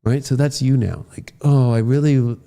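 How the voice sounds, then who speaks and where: A man giving a horoscope forecast as an astrologer, casual and profane, acting out voices he quotes and bursting into shouts. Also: medium pitch, steady tone, normal speed, gravelly.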